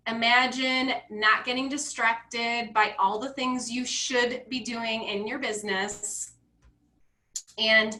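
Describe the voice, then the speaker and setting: Bright, bubbly woman hosting a live video call, fairly high voice, echoey room. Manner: bubbly, excitable, reads comments aloud. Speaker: financial coach hosting a live launch call. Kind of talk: casual live-stream talk.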